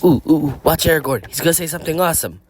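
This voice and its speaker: A man's voice: fairly high pitch, quick pace, slight background noise, pitched above the performer's own voice, lightly acted. A man voicing a hyper, joking male mercenary antihero in a fan-written audio story. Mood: gleeful. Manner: goofy, excitable, joking.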